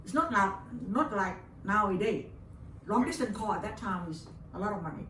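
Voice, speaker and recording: An older woman from Vietnam speaks at a moderate pace in a mid-range, fairly bright voice with a Vietnamese accent. Interviewed as a guest in English, her second language, she tells a personal story with emotion and repeats her words often. The recording feels roomy and distant, with faint background hiss.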